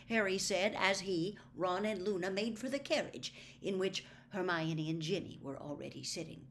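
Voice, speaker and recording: A woman reading a storybook aloud in a measured, expressive way. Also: on the low side, a little hiss or hum. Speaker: audiobook reader.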